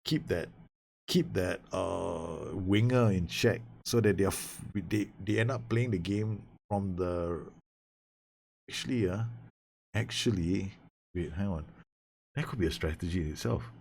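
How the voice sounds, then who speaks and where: Low gravelly guy yelling at his football sim team, nervy, swears a lot. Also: a little slow. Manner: excitable, swearing, talks to his players. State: nervous. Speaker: gaming YouTuber. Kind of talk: live gameplay commentary.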